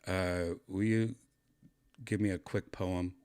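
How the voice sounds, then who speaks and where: A man hosting a podcast, chatting casually in a rambling, halting way with crude asides. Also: deep voice, flat delivery, darkish tone, clear, resonant tone. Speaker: podcast host. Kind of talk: casual chat.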